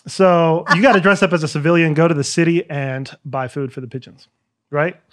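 A man's voice: fairly high pitch, steady tone, brisk, a bit bright. A man co-hosting a casual chat, joking and telling a playful story. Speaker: podcast co-host.

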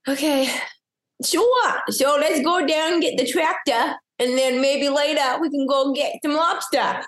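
A woman putting on an exaggerated small-town Massachusetts local voice, gruff and overdone, recorded with a roomy echo. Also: sits high, normal speed, pitched above the performer's own voice, natural voice. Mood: hammy.

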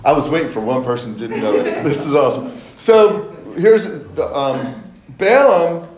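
A man's voice: mid-range voice, animated, normal speed, darkish tone, echoey room, slight background noise, rough recording. A man teaching a Bible study, retelling scripture stories casually and acting out the characters with playful asides.

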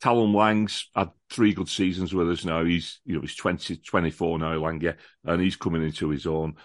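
A man's voice: deep voice, steady tone, moderate pace, no echo, studio quality. A man talking as a podcast guest, giving a chatty, enthusiastic football preview with many restarts and repeated words. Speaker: podcast guest, lifelong fan of the visiting football club. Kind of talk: casual chat, football preview.

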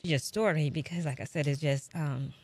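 A woman's voice: low-pitched, fairly even intonation, moderate pace, darkish tone, husky. A woman hosting an interview show, talking candidly and conversationally with many fillers. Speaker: show host.

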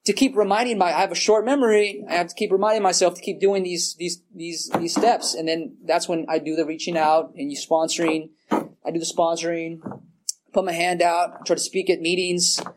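A man whose voice sits high speaks a little fast in a steady tone, with slight background noise, as he gives a personal share to a group in a recovery meeting room. His telling is rambling and casual, packed with "like" and "you know," loose with swearing, and self-mocking, with frequent laughs at his own expense.

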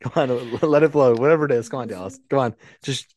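A man's voice: mid-range voice, fast, darkish tone. A man co-hosting a casual podcast, teasing and pushing his co-host along. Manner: pushy, teasing, urging. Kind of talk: casual chat.

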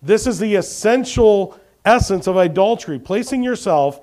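A man's voice: sits high, expressive, moderate pace, darkish tone. A man preaching a sermon, telling Bible stories with animation and questioning his congregation. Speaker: pastor.

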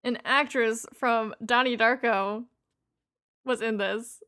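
A woman's voice: fairly high pitch, steady tone, takes it slowly, pushed and bright, clear, resonant tone. A woman co-hosting a casual chat about a TV show, playful and teasing, laughing often. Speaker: podcast co-host.

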